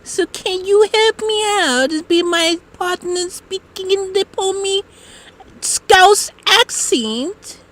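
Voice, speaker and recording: Man putting on a squeaky woman's voice, very high, bright, slow, mock Aussie prank caller. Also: full character voice. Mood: teasing. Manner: slow, drawn-out, keeps saying the name.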